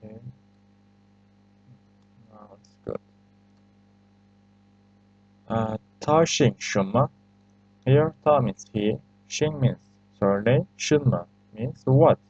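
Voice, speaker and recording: A man's voice: mid-range voice, takes it slowly, long pauses, darkish tone, a little hiss or hum. A man with a Turkish accent, a native Turkish speaker, teaching a language lesson over a screen recording. He talks with patient hesitations and repeats phrases for learners. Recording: slightly muffled lo-fi recording.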